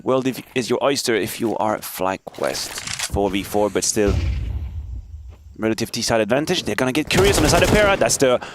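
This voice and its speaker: Male color analyst, measured and dry, game noise behind. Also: medium pitch, expressive. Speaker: esports analyst. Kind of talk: color commentary and banter. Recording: noisy game audio behind. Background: game gunfire and clicks.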